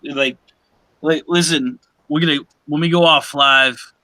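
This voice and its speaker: A man's voice: on the high side, fairly even intonation, measured pace, sharp tone, dry recording, low-quality recording. A man co-hosting a casual livestream talk show, rambling and joking. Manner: rambling, joking, slips into put-on voices. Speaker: co-host.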